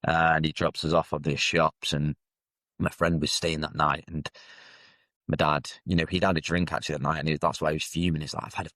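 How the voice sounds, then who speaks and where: A man, telling his own life story as a podcast guest in a halting, reflective way. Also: a bass voice, little pitch movement, fairly bright tone, no echo. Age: 30s. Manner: reflective, halting, with frequent fillers and restarts. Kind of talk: candid personal storytelling.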